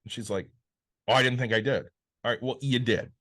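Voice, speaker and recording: A man's voice: mid-range voice, steady tone, fairly quick, a bit bright. A man co-hosting a podcast in casual chat, blunt and exasperated, swearing often. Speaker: podcast co-host.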